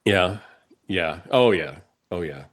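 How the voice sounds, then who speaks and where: A man's voice: sits low, animated, slow. A man with a cold, co-hosting a podcast in casual chat, rambling and restarting his sentences and laughing often. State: has a cold. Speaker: podcast co-host.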